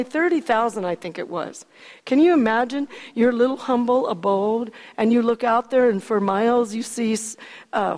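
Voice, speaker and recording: A woman preacher retelling a story in animated sermon style, asking her listeners questions. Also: fairly high pitch. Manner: animated, acts out scenes, asks the audience questions. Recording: long reverb of a hall.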